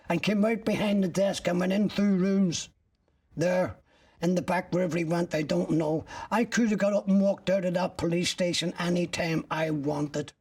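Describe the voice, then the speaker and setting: A man's voice: sits high, a little mellow. An older man giving personal testimony in a documentary interview, retelling events step by step and acting out what others said. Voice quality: gravelly, husky. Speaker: interviewee recounting his arrest. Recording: voice picked up from a distance.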